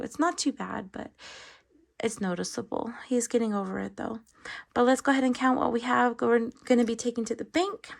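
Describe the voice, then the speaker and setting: A woman with a raspy voice chatting casually while counting cash at home at night, apologetic and a little out of breath. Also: a little high. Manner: apologetic, rambling, counts money aloud. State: slightly out of breath. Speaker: budgeting channel host.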